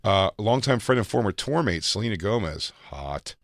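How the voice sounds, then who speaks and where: A man co-hosting a podcast, trading dark jokes in casual chat and laughing often. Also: fairly low pitch, sing-song, moderate pace, creaky, no echo, studio quality. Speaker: podcast co-host.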